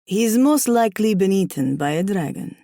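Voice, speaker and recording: A towering archangel warrior woman with a thick foreign accent, voiced by a woman narrator in a storybook reading, curt and stern. She speaks slowly and measured, with an altered tone unlike the narrator's own. The sound is dry and close. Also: mid-range voice, lively intonation, mellow, dry recording, lightly acted. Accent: thick unplaceable foreign accent.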